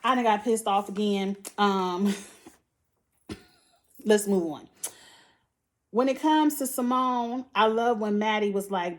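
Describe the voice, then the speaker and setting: A woman tears into a reality show in a loose, unscripted recap. Her talk is blunt, profane and openly exasperated, with sighs and short laughs between her points. Her voice sits at an ordinary middle pitch. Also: takes it slowly, pauses often, slight background noise. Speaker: TV show reviewer.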